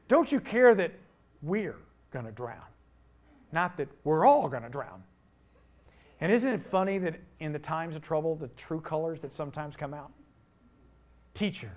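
A middle-aged man preaching a sermon, telling the story with rhetorical questions and rising to loud emphasis. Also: fairly high pitch. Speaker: pastor.

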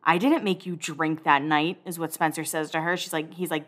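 A woman's voice: on the low side, moderate pace, hardly any pauses. A woman giving a casual, chatty recap of a TV episode, sarcastic and blunt, acting out the characters' lines as she goes. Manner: chatty and sarcastic, acts out quotes, swears. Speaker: recap podcast host.

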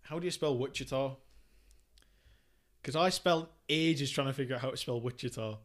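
Casual male podcast co-host, mid pitch, jokey and rambling, quizzing a friend. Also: moderate pace. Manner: jokey, rambling, self-deprecating. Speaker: podcast co-host asking quiz questions. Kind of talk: casual film podcast chat.

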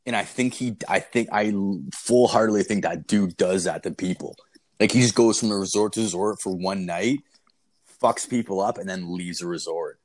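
A man's voice: sits low, normal speed. A man casually telling a long story, rambling and swearing, often laughing as he goes. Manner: rambling, profane, laughing as he tells it.

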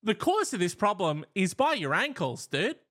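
A man with a somewhat high, bright voice jokes with his co-host on a casual podcast. He riffs on silly ideas and works himself into mock-indignant rants. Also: sing-song, normal speed. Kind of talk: casual advice-podcast chat.

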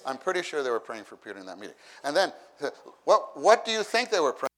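Speaking fast with hardly any pauses, this man has a fairly high, slightly bright voice that swings widely in pitch. He delivers a conversational sermon at a church meeting, repeating phrases and voicing the characters in his stories with bursts of laughter.

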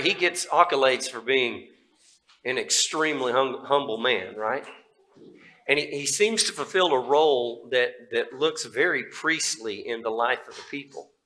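A middle-aged man preaches from the pulpit with a bright, forward tone at a medium pitch. He talks to his congregation in a folksy, conversational way, full of asides and fillers. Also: rough recording. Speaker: pastor. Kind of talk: sermon.

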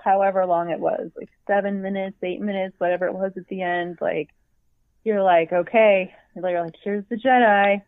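A chatty woman with a mid-range voice tells a story as a podcast co-host in a casual fan chat, acting out her own reactions with plenty of animation. Her voice comes through a thin, tinny, phone-like line. The sound is dry and close, with no echo.

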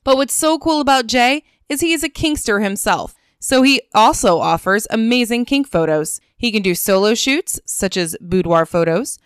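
A woman reading an upbeat sponsor spot on a podcast, slowly spelling out web addresses. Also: a little high, lively intonation, smooth, no room sound, clean studio sound. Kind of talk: read-out promo.

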